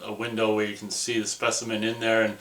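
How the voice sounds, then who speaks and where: A man reviewing a movie in a casual, rambling way, excitable and full of "like" and "you know". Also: lowish voice, fast talker, roomy sound.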